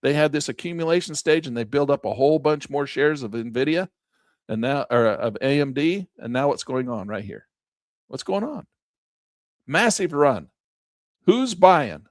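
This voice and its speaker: A man's voice: fairly high pitch, animated, moderate pace, dry recording, clean studio sound. A man giving a casual chart walkthrough as a trading instructor, emphatic and folksy, chanting repeated words for effect.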